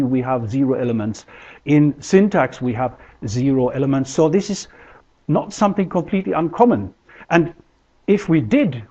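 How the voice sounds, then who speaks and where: A man giving a measured, explanatory linguistics lecture, with deliberate pauses. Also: on the high side, darkish tone, husky. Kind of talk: recorded university lecture. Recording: dull lo-fi lecture recording.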